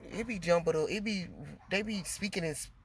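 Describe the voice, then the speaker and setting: A woman venting in a casual monologue to her viewers, animated and emotional, getting loud as she talks. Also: on the low side, fairly quick, slight background noise. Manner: gets loud when emotional.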